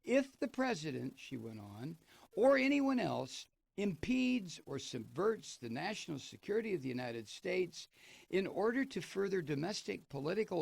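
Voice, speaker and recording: A man's voice: on the high side, creaky, no echo. A man hosting a radio talk show, reading a news piece aloud and breaking off into sardonic, profane commentary. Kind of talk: political commentary, reading and remarking on an article.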